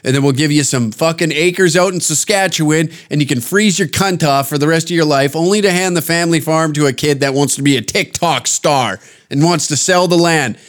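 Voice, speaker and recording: A man hosting a podcast, his voice sitting a bit high for a man. He rants casually, swearing a lot and mocking as he goes, and his thoughts ramble from one point to the next. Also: a little fast. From Canada. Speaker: podcast host.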